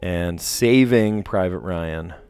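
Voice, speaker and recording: A man's voice: low-pitched, takes it slowly, a little mellow, smooth, soft background music. A man casually chatting on a live stream, reading puzzle clues aloud and rambling to his viewers. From New Jersey.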